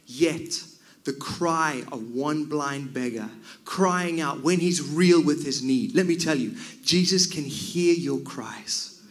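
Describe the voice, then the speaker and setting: A man preaching a sermon, swinging from loud cries down to near whispers. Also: a little high, slow pace.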